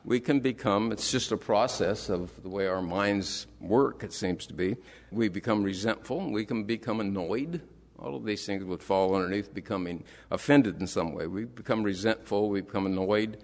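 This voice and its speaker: A man's voice: on the low side, moderate pace, long reverb tail. A middle-aged man preaching a sermon in a conversational way, with rhetorical questions and dry irony. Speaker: pastor.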